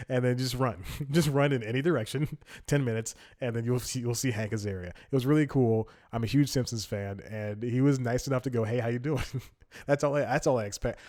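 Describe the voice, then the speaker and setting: Rambling, giggly male podcast host. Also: fairly low pitch. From Atlanta, United States. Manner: rambling storyteller, laughs often mid-sentence; animated when acting out quotes. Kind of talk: solo comedy podcast monologue.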